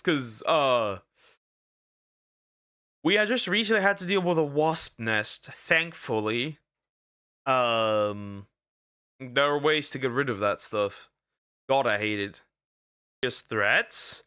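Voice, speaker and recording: Male streamer, bright tone, dry close mic, stammering jokey reactions. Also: mid-range voice, clean tone, dry recording. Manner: rambling, stammering, jokey asides. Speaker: VTuber streamer reacting to videos. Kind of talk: casual reaction commentary. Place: lives in Germany.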